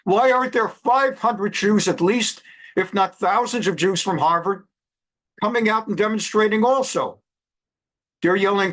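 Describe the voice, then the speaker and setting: Stern scolding older man, high voice. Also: unhurried, a bit bright. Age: 70s. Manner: scolding, emphatic, fires rhetorical questions. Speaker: rabbi and law professor. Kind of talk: impassioned direct-to-camera address.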